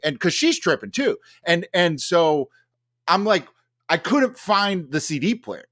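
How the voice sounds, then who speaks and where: A man's voice: a little high, big pitch swings, moderate pace, fairly bright tone, dry recording, clean studio sound. A man telling a long story in casual podcast chat, rambling with many fillers and restarts. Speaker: podcast host.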